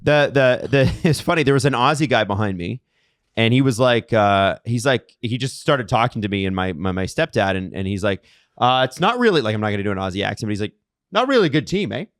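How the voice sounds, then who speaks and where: A Canadian man co-hosting a casual sports podcast, telling animated stories and laughing often. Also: on the low side, a little fast. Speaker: podcast co-host.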